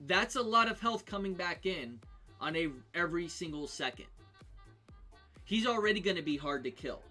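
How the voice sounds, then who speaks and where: An expressive man streaming a game rambles through his character build unscripted, full of ums and sentence restarts. His voice is a touch high, bright and forward, over quiet background music.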